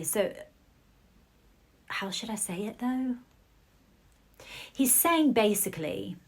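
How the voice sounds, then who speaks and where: A woman giving a channelled psychic reading, relaying messages in halting bursts with soft murmured asides. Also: mid-range voice. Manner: hesitant, relaying what she hears in bursts. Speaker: psychic reader.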